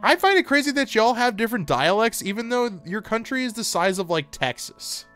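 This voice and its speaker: A man's voice: high-pitched, very animated, a little fast, fairly bright tone, soft background music. An American man streaming live, chatting casually and playfully with his chat, reading comments aloud and laughing often.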